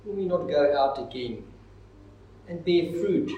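A man preaching a sermon with emphatic swells and dramatic pauses, recorded from a distance in a church. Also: on the high side, lively intonation, mellow, highs cut off. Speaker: pastor. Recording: echoey hall, mic far off.

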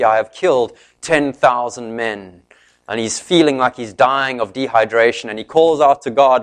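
A man preaching a sermon, retelling a story in an animated way and briefly voicing each character's lines. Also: mid-range voice, normal speed.

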